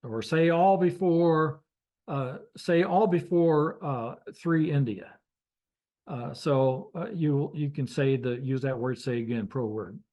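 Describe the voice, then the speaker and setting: A man teaching a basic radio class, talking through it with many pauses, fillers and restarts. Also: fairly high pitch, dark tone. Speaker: radio training instructor. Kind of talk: classroom lecture.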